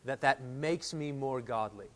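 A man in his thirties preaching a sermon, earnest and animated, reading quotes aloud and telling stories from home. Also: medium pitch, unhurried. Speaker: pastor.

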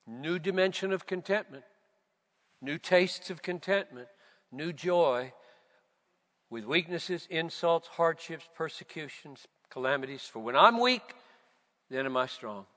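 Man preaching, slow and emphatic, fervent build-ups, slightly high voice, long hall reverb. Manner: slow and emphatic, swelling to loud, fervent repetitions. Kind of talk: sermon.

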